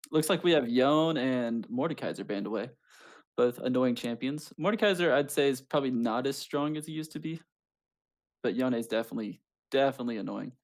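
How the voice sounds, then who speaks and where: A man casting an amateur esports match in a laid-back, chatty way, with self-mocking humor. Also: mid-range voice. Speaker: esports caster. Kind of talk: casual esports commentary.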